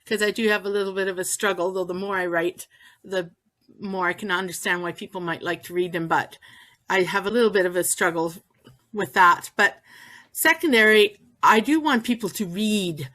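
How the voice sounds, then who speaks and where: A woman's voice: medium pitch, moderate pace, pushed and bright. A woman from Canada at a writers' workshop, speaking hesitantly and with self-deprecation. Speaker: workshop participant. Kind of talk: casual chat.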